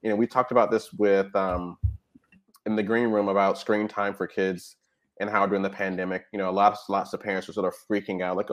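A man with a deep, low voice talks in a relaxed interview. He explains points step by step and keeps checking in with his listener as he goes. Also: brisk. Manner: explanatory, frequent "right?" and "you know". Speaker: guest expert on technology habits. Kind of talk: conversational interview talk.

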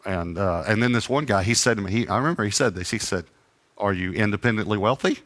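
Bright-voiced man preaching a story. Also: fairly low pitch, fast talker, a little hiss or hum. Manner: animated anecdotes with acted-out dialogue and self-deprecating humor. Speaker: traveling preacher. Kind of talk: sermon storytelling.

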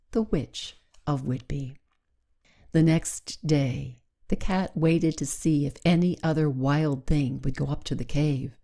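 Slow, low-voiced woman storyteller. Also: vocal fry. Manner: slow, gentle, rhythmic reading. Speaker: story host. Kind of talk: storybook narration.

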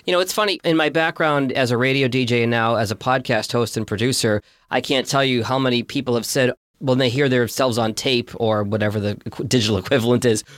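A man hosting a podcast, explaining in a relaxed, easygoing manner. His voice is at a middle pitch and recorded dry and close. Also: quick pace, hardly any pauses, no room sound. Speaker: podcast host and producer. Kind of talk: podcast interview.

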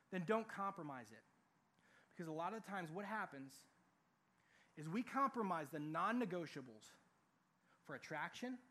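A young man preaching a sermon in a lively, animated way, acting out what people say. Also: sits high. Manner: animated, acts out quoted voices. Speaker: youth pastor.

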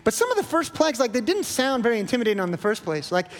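High-voiced man preaching in a reverberant hall. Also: big pitch swings, rapid-fire. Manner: conversational and humorous, acts out quoted voices. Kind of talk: sermon.

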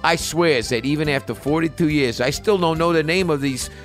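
A man does a comic reading of a listener's story, voicing a brash, crude middle-aged New Jersey woman with a put-on New Jersey accent and tossing in joking asides. His own voice is a little high and brisk, close to an everyday voice, with soft music in the background.

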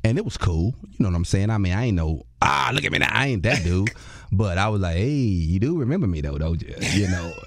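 A comedian and radio host tells a lively story during a conversational interview, imitating other people's voices amid bursts of laughter. His voice is low-pitched and brisk, with vocal fry.

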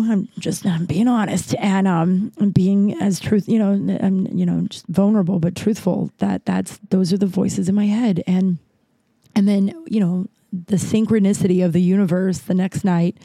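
A woman's voice: mid-range voice, fairly even intonation, moderate pace, creaky, dark tone, dry recording. A woman comedian telling a candid personal story, speaking frankly and swearing freely.

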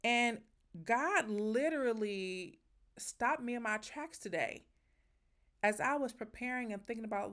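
A woman's voice: fairly high pitch, animated, measured pace, fairly bright tone. A woman hosting a faith podcast, talking in an emphatic, heartfelt, preacherly way and sounding emotional as she encourages listeners. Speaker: podcast host.

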